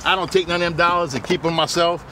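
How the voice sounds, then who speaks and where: A man, a used car dealer giving a joking, folksy sales pitch while walking around his lot outdoors. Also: fairly even intonation, fast talker, noisy background.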